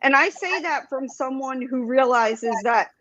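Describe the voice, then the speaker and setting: A woman's voice: sits high, unhurried, a bit bright, lo-fi sound, a little hiss or hum. A woman joining a casual livestream chat as co-host, speaking bluntly and swearing freely. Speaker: co-host guest.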